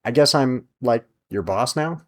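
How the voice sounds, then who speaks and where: A man's voice: mid-range voice, lively intonation, a little slow, lightly acted. A man voicing a hesitant, tentative teenage girl who is a new witch.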